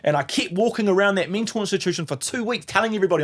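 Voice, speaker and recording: A man's voice: high voice, rapid-fire. A man in his thirties with a New Zealand accent, a podcast guest telling an emotional story, swearing freely and acting out other people's voices.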